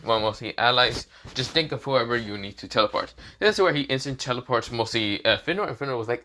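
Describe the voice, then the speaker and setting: A man's voice: medium pitch, animated, quick pace, pushed and bright. A man casually telling a fan story off the cuff, rambling and leaning on the same filler phrases. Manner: rambling, repeats fillers like "this is where, well, mostly".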